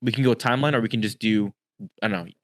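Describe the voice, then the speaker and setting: Low-voiced, teasing podcast co-host man. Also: fast talker. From Texas. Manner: teasing, laughs easily. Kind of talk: casual chat.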